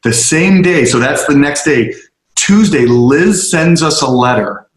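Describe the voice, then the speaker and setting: A man's voice: on the high side, expressive. Earnest man telling a story, roomy sound. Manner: earnest, slowing down for emphasis. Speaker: speaker addressing a group. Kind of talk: storytelling talk to a group. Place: on location, roomy space. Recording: roomy echo.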